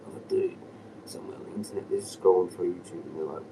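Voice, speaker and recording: Low-voiced man rambling on a live stream. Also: huge pitch swings, fast. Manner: loose and chuckling, often dropping to a whisper. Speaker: livestreamer. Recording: distant mic with clear outdoor noise.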